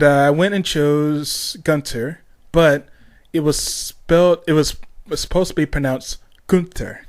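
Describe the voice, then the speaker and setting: A young man hosting a casual solo podcast, rambling along with lots of ums, restarts and tangents. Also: a little high. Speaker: podcast host.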